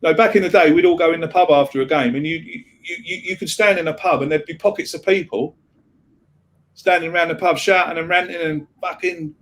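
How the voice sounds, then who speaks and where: A man chats on a podcast with a slightly high voice. He rambles, repeats words as he restarts his sentences, and swears casually. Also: fairly quick. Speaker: podcast co-host. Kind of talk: casual chat.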